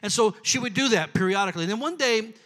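A man preaching a sermon, telling a story and building up to shouted preaching. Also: high voice, animated, fast. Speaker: pastor. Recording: echoey hall.

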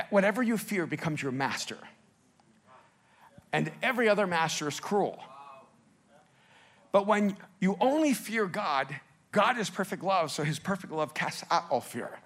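Guy preaching, high voice, goes quiet then loud, tells stories from his life. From El Salvador. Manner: animated storytelling, swings from soft to loud. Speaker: pastor. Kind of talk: sermon.

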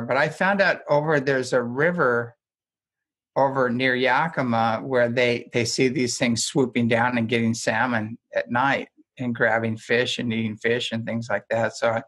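A man's voice: mid-range voice, a bit bright. A man talking as a guest in a casual conversation, telling stories in a rambling way with frequent restarts and chuckles.

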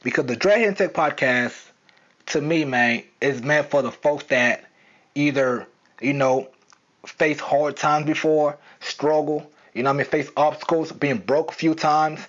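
Man, Southern accent, podcast host, rambling, fillers, slightly high voice, dull lo-fi sound. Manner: casual, rambling, many fillers. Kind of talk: unscripted solo podcast monologue.

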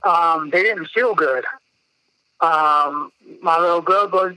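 Male guest, higher-pitched and bright, dry close mic, casual storyteller who swears freely. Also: slow pace, clean tone, no room sound, rough recording. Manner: blunt, swears freely, animated retelling. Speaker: podcast guest.

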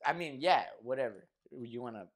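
A man's voice: medium pitch, lively intonation, moderate pace. A young man co-hosting a podcast, telling a rambling, slangy story full of swearing and fillers in casual chat. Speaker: podcast co-host.

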